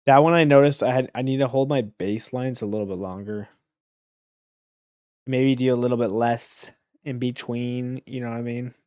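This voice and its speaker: A young man livestreaming while making beats, chatting casually and excitably with his viewers, swinging between loud bursts and quiet mumbling. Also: medium pitch, moderate pace, no room sound, studio quality. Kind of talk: casual chat to stream viewers.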